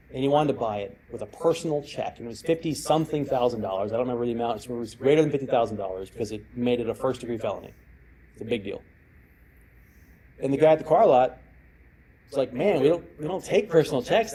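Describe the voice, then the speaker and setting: A man's voice: mid-range voice, mellow, rough recording. A middle-aged man giving a conference talk on security, telling stories and acting out the people in them. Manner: storytelling, acts out quoted voices. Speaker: cybersecurity speaker. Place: presentation room.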